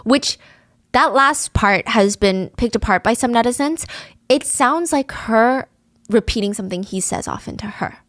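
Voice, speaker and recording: A woman's voice: fairly high pitch, lively intonation, moderate pace, dry recording, clean studio sound. Woman telling a true crime story. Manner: vivid, conversational narration. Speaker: podcast host.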